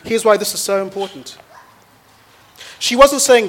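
A man, a pastor preaching a sermon to his church with energetic storytelling that rises into loud exhortation. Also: sits high, unhurried. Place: church auditorium.

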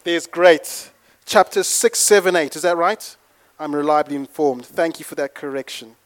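A man preaching to his congregation, playful and chatty, then building to fervent shouting. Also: on the high side, normal speed. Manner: playful, leads the congregation in call-and-response. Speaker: pastor. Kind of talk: sermon.

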